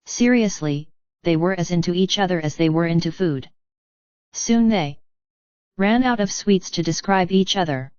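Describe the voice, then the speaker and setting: A woman narrating an audiobook in an even, wry storytelling read. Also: on the low side, moderate pace, no echo, muffled recording.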